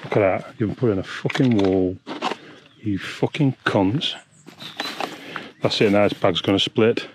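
A man's voice: lowish voice, brisk, hardly any pauses, noisy background. A man, ranting angrily and swearing while vlogging on a hiking trail. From England. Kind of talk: angry outdoor vlog.

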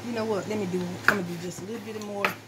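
A woman's voice: medium pitch, fairly even intonation, racing, very noisy. A woman chatting casually to her viewers while she chops vegetables in her home kitchen, folksy and talkative. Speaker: cooking vlogger. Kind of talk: casual cooking demo talk. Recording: loud knife chopping and kitchen clatter.

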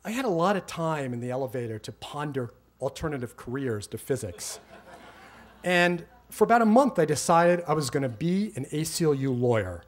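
Animated middle-aged man telling a wry story. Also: fairly high pitch, moderate pace. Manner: animated, wry and self-mocking, heats up when retelling arguments. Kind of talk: live personal storytelling on stage.

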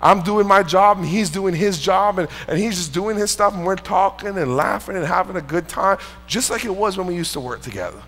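Fairly high-voiced man preaching in a hall. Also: expressive, brisk, few pauses, fairly bright tone. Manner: conversational, storytelling, earnest. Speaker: pastor. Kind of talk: sermon with personal anecdote. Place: church sanctuary. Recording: long reverb in a church hall.

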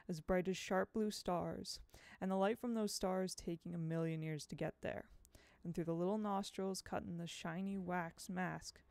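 A woman reading a novel aloud in a measured, expressive way, close to the mic. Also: lowish voice. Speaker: audiobook reader.

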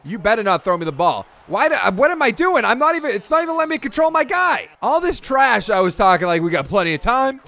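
A gaming YouTuber, this young man narrates his football game run as a let's play in a high voice well above the usual male range. He talks fast with hardly any pauses, getting loud and excitable on big plays before sinking into grumbling complaints.

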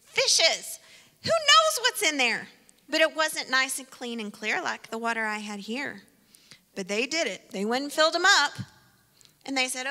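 A woman's voice: high voice, very animated, measured pace, pushed and bright, long reverb tail. A woman giving a playful children's sermon with an object lesson, speaking directly to kids by name in a church sanctuary.

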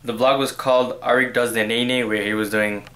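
A young man with a bright, forceful voice talks straight to his viewers in a loose, slangy vlog. He is animated, slipping into quoted voices as he goes. His pitch sits in an everyday middle range. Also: a little fast. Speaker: vlogger host. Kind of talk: casual vlog chat.

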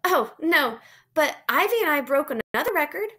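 Woman doing a bold, excitable little schoolgirl, high. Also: moderate pace. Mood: insistent. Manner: insistent, eager.

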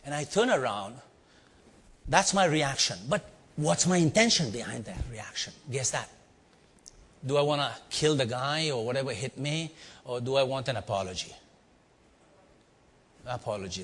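Animated Indian man storytelling in a hall. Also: mid-range voice, normal speed, long pauses, husky. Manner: animated, playful, asks the audience questions, acts out sounds. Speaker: storytelling speaker on leadership. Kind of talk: live storytelling talk to an audience. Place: large hall before a live audience. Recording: long hall reverb.

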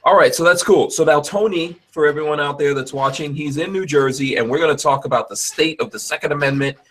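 A man hosts a live podcast with a loose, joking manner, filling his talk with fillers and quick asides. His voice is mid-pitched and plain, and it comes through a video call. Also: a bit bright. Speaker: podcast host. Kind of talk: casual chat.

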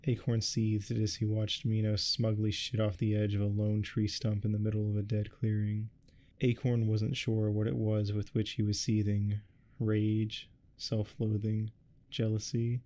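Deep mellow man reading ASMR. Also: measured pace. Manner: deadpan, irreverent asides. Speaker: ASMR reader. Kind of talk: soft-spoken ASMR reading.

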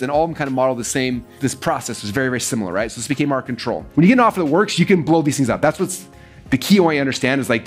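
A man telling a business story to an audience, fast and animated, acting out the quoted lines of other people. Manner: fast, animated, acts out quoted dialogue with big pitch jumps. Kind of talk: energetic storytelling talk.

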